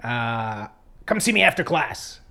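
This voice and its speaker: A man's voice: medium pitch, very animated, unhurried, vocal fry, bright, forceful tone, pitched below the performer's own voice, heavily acted. A man doing a stern, clipped schoolteacher. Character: strict, short-tempered male schoolteacher.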